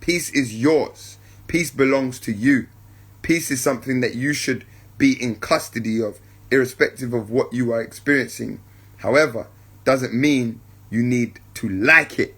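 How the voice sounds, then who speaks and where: Husky-voiced man musing on peace. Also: medium pitch, fairly bright tone. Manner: keeps checking in with listeners, addresses them as family; unhurried, repeats points for emphasis. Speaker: podcast host. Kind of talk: reflective spiritual talk.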